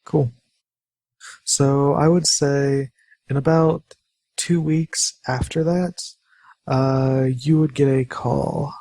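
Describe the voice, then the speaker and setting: A man acting as game master of a tabletop role-playing game, talking in a relaxed, hesitant way with many fillers. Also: mid-range voice, slow, vocal fry, long pauses, no room sound.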